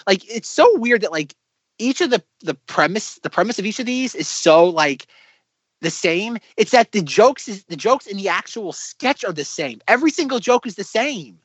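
A man co-hosting a podcast, chatting casually about a sketch show, animated and full of fillers. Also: high voice, normal speed, husky, dry recording. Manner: animated, acts out quotes, many fillers. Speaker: podcast co-host. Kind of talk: casual chat reviewing a sketch comedy show.

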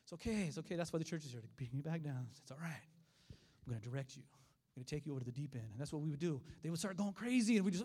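A middle-aged man preaching a sermon, telling stories in an animated way and acting out the voices of the people in them. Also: a little high, rapid-fire. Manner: animated storytelling with acted voices.

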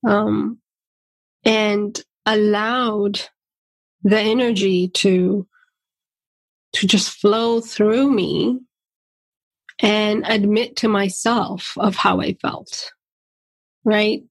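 A woman giving a gentle, searching personal monologue, pausing often with fillers as she talks through hard feelings. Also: medium pitch, fairly even intonation, creaky, no room sound. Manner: slow, gentle and searching, with many pauses and fillers.

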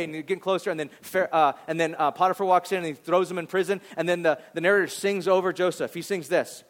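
A male pastor preaching a sermon in a casual, conversational way, acting out voices and dropping soft and low on serious points. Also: fast talker, few pauses. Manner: conversational, animated, acts out voices, drops to a near whisper on serious points.

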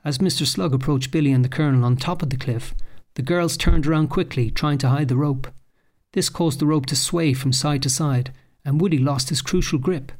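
A young man narrating a children's story in a steady, expressive reading voice. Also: fairly high pitch, brisk.

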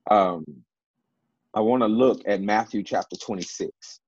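A man's voice: on the low side, measured pace, a little mellow, dull audio, a little hiss or hum. A man teaching from the Bible in a panel discussion, emphatic and repeating key words, with many fillers.

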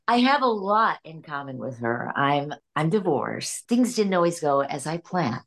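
A woman's voice: sits low, big pitch swings, measured pace. An older woman from Illinois, a voice actress guest, chatting in an interview, laughing often between stories. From Illinois, USA. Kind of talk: casual interview storytelling.

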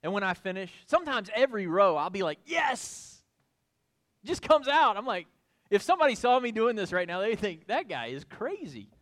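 A male pastor preaching an expository sermon, folksy and animated, building to excited emphasis. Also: high-pitched, fast.

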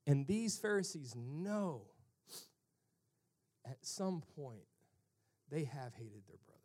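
A high-pitched man preaching. He booms out key lines, then drops to a near-whisper, and mimics the people in his story in mocking voices. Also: very animated, takes it slowly, pauses often. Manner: swings from loud emphatic calls to hushed near-whispers; acts out characters in mocking voices. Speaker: pastor. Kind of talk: sermon.

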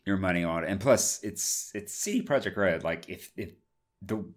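A man in a casual gaming discussion, relaxed and trailing off with fillers, who has the hiccups. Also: low voice, moderate pace.

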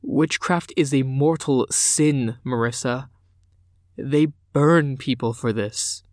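A man voicing a stern, anguished middle-aged father who speaks low, hollow and rumbling. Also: takes it slowly, no room sound, clean studio sound, close to an everyday voice. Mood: grim anguish.

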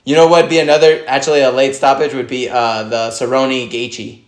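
A man talking casually over a fight, animated, profane and quick to laugh. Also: medium pitch. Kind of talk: casual fight-watching chat. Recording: roomy echo.

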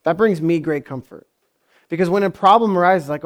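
A man's voice: a little high, a little fast. A man preaching a sermon in a conversational way, often asking his congregation questions. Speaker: pastor.

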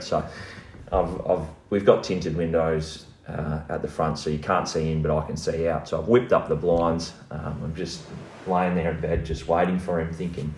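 A man's voice: low voice, flat delivery, normal speed, creaky, darkish tone, echoey room, a little hiss or hum. An Australian man casually telling a story as a podcast guest, swearing freely and laughing as he goes.

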